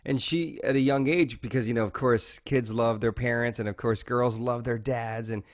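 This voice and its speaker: A man's voice: mid-range voice, fairly even intonation, normal speed. Earnest man, heartfelt interview talk. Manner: earnest, heartfelt, fillers like "man" and "you know". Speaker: guest.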